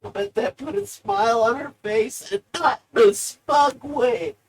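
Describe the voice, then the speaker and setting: A gravelly voice that talks slowly and drags out its words. A live-streamer delivers a rambling, profane monologue with a lively, swooping pitch. It drops to low mutters and then breaks into loud outbursts. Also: faint music behind. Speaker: livestreamer.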